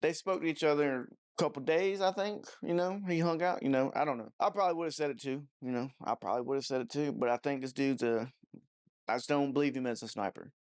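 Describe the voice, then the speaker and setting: A man ranting in a loose, casual movie review. He swears freely, mocks what he describes and trails off into fillers mid-thought. His pitch sits at an ordinary middle. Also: a little fast, clean tone. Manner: profane, mocking, rambling with many fillers.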